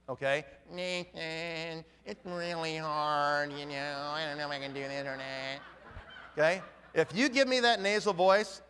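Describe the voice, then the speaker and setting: Bright-voiced man giving a punchy motivational talk. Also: a little high, long reverb tail. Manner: punchy and emphatic, with rhetorical questions. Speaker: motivational speaker.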